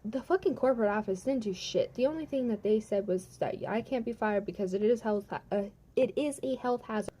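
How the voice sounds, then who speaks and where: A woman's voice: fairly high pitch, a little fast, hardly any pauses, warm tone, a little hiss or hum. A young woman vlogging a storytime from home, retelling events heatedly with lots of swearing and "like". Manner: profane, heated retelling full of "like". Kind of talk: storytime vlog.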